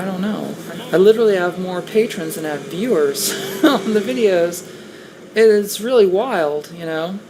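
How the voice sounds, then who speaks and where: A woman in casual conversation, talking in a hesitant, rueful way with frequent restarts. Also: on the low side. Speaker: guest on a talk stream. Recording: steady background noise.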